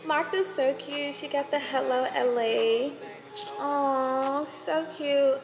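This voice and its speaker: A woman's voice: high voice, steady tone, slow pace. A woman vlogging in casual chat, gushing and laughing often as she shows things around. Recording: echoey room with long reverb and music behind.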